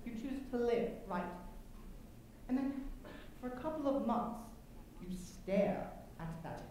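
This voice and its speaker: A woman's voice: fairly high pitch, expressive, slow pace, noisy background. A woman playing a wistful, chatty man obsessed with an old cast record, confiding asides to the audience on a school stage. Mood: rueful. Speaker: stage narrator. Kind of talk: live stage musical acting. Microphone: distant camera mic. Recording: echoey hall from far off.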